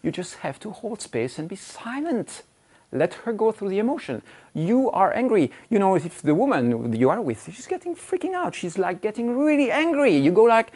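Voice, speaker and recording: A man coaching to camera, emphatic and repeating phrases for stress, acting out quoted speech with big swings in pitch. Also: sing-song, normal speed, a little mellow. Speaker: relationship coach. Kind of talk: direct-to-camera coaching talk.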